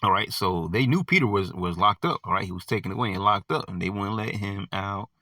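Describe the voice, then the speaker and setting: A man's voice: lowish voice, brisk, bright, forceful tone, no room sound, clean studio sound, far from the mic. A man teaching a Bible study in a casual, conversational way, peppered with fillers like "all right" and "you know". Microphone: audio only, not seen.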